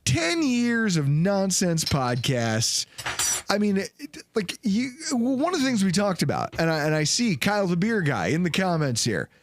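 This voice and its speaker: A man hosting a sports podcast, talking casually and telling animated stories. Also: measured pace. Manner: animated, loud storytelling with big pitch swings. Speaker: podcast host.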